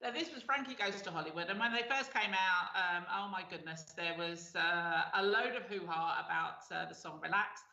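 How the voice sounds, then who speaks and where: A woman's voice: lowish voice, normal speed, few pauses, bright, forceful tone. A middle-aged woman hosting a show, chatting casually and laughing often, with lots of fillers. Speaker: radio show host. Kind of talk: casual chat. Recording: echoey, dull lo-fi sound.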